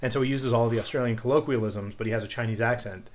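A young adult man hosting a podcast in a relaxed, rambling way, full of fillers and offhand swearing. His voice sits at an ordinary middle pitch. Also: fast. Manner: rambling, loose, swears casually. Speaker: podcast co-host. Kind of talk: casual chat.

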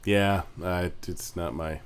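Man, lower voice, podcast co-host, halting casual talk. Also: fairly even intonation, smooth. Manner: halting, hesitant, quiet asides. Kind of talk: casual chat.

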